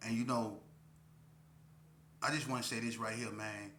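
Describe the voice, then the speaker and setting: Man preaching slowly in a roomy space. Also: medium pitch, steady tone, sharp tone, slight background noise. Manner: preachy street talk, repeats himself, drawn-out pauses. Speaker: vlogger. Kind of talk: casual monologue to camera.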